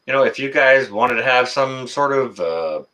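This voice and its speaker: A man's voice: mid-range voice, lively intonation, moderate pace, bright, forceful tone. A middle-aged man, hosting a casual live stream, reading the chat and answering viewers by name in a folksy, teasing way.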